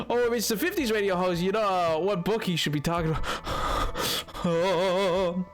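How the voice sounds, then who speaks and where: Playful guy streaming a game, bantering with chat, high lively voice, faint music behind. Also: normal speed. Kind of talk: casual gameplay commentary.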